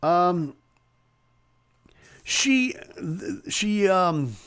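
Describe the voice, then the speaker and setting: A man's voice: high-pitched, big pitch swings, fairly bright tone, clean tone, no room sound, studio quality. A male host in casual live-stream chat, reading comments and talking with many fillers and restarts. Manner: chatty, halting with fillers and restarts.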